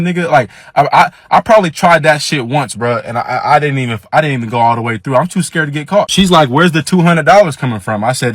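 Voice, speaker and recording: A man telling a profane, animated party story in casual slang, quoting people in his own voice. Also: medium pitch, no echo. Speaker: storyteller guest.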